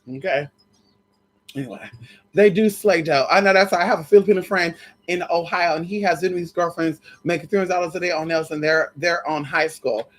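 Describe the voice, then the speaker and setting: A woman vlogger with a fairly low, brisk voice tells a story in casual, gossipy chat. She calls listeners girl and honey, swears, and repeats phrases for emphasis.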